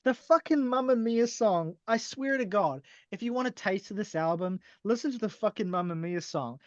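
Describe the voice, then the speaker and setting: A man's voice: high-pitched, moderate pace, no echo, dull audio. A man co-hosting a podcast, ranting with exasperation and swearing, laughing often, mocking lines in a silly put-on voice. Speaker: podcast co-host. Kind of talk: casual ranting album review.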